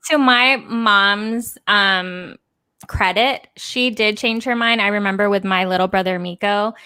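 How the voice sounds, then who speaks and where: A woman's voice: mid-range voice, a little slow, bright, forceful tone, clear, resonant tone, no echo. A woman co-hosting a live podcast, chatting casually and sharing family anecdotes. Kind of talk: casual chat.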